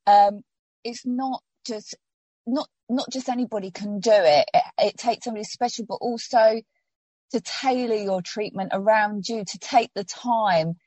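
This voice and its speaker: A woman's voice: medium pitch, measured pace, mellow, no echo. A woman telling her personal story in an interview, heartfelt and rambling with many restarts, getting emotional.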